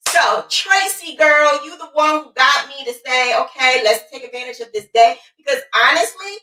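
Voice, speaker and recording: A woman hosting a casual crochet livestream, lively and playful, chatting to viewers and greeting them by name. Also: high voice, moderate pace. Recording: roomy sound, mic at a distance.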